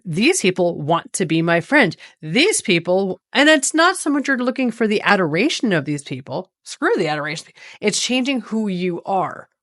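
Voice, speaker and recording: Casting note: woman, lower register, dry close sound, lively storyteller who plays out both sides of a chat. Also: dry recording. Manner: animated, acts out both sides of a conversation. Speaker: vlogger. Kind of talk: casual storytelling monologue.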